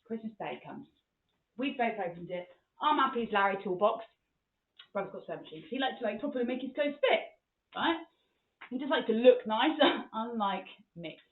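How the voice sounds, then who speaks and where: A woman's voice: fairly high pitch, normal speed. A woman hosting a podcast, telling comic stories in a frank, sweary way. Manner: frank and sweary, with animated retelling. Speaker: podcast host. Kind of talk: comic storytelling monologue. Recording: echoey, tinny phone-like sound.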